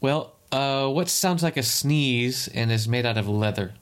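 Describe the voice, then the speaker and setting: A man with a middle-pitched, ordinary voice chats casually with a friend. He makes wry puns and tells a meandering story, often stopping to restart a phrase. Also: animated, clean tone. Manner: wry, punning, halting storyteller. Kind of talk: casual chat and anecdote.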